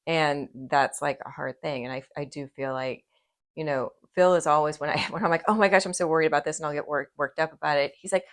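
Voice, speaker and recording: A middle-aged woman hosts an intimate conversation, her voice sitting low for a woman. She speaks expressively and with empathy, slipping into little acted-out quotes as she tells a story. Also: fairly even intonation, brisk. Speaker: host. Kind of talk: casual conversation about grief.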